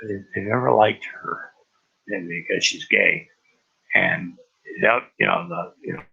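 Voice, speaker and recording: Gravelly man with a tense, sharp edge; halting, profane rambling, lo-fi recording. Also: deep voice. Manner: halting, profane, many restarts. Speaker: vlogger. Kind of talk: rambling personal monologue. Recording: dull lo-fi recording.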